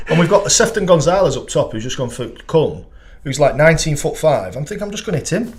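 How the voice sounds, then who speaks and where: A man with a Northern English accent, a goalkeeping coach telling animated, sweary stories as a podcast guest, laughing as he goes. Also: on the high side, quick pace. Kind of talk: anecdotal storytelling chat.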